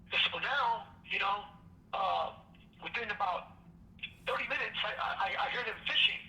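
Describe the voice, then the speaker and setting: A man's voice: sits high, normal speed, vocal fry, long pauses, sharp tone. A man telling his own story over a phone call from prison, rambling and full of "you know". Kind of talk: casual storytelling. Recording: echoey phone line, distant mic, faint noise.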